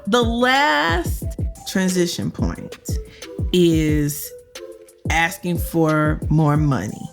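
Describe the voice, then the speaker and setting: A woman with a low, creaky voice hosts a career podcast as a career coach. She tells a story full of frank, slangy, profane advice and laughs often.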